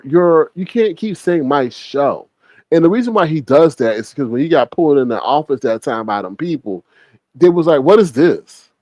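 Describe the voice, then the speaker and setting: A man hosting casual gossip commentary, animated and mocking, often mimicking others with big jumps in his voice. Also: medium pitch, no echo. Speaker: commentary channel host.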